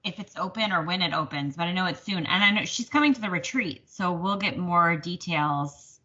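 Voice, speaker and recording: This podcast co-host speaks briskly in a lowish voice with lively intonation and a bright, forceful tone. In a casual stitching chat she's chatty and self-deprecating, laughing often, and the recording sounds slightly dull and lo-fi.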